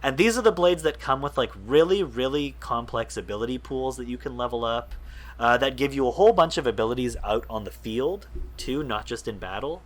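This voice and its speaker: A brisk, medium-pitched man co-hosts a casual gaming podcast. His explanations run long and rambling, eager but cluttered with fillers and restarts.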